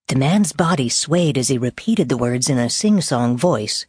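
Woman audiobook narrator, low, husky voice, dry close sound. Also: animated, a little mellow, dry recording. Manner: measured, deliberate storytelling.

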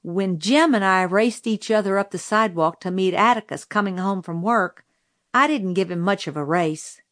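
A woman reading a novel aloud in measured storytelling narration, lightly voicing the characters. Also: mid-range voice, fairly bright tone, no room sound, studio quality. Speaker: audiobook narrator.

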